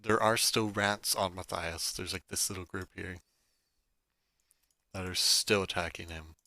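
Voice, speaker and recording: A man running a tabletop game, his voice bright and forceful. He narrates in a loose, casual way full of "like" and quick restarts. The sound is close and dry, with no room echo. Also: low voice, steady tone. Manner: casual, filler-heavy narration with frequent "like". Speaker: game master.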